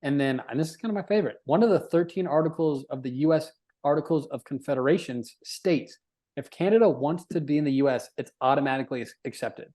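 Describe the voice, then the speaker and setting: A man's voice: a little high, fast talker, mellow. A man co-hosting a podcast, chatting casually, joking, laughing and swearing freely. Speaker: podcast co-host.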